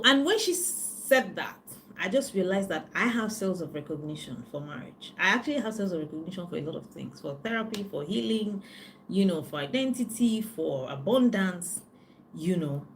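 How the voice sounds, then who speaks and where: A woman life coach chats on a live stream, telling stories in a lively way with plenty of "you know". Her voice sits fairly low. Faint background noise runs behind her. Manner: chatty, animated storytelling with frequent "you know". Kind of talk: live-stream chat with viewers.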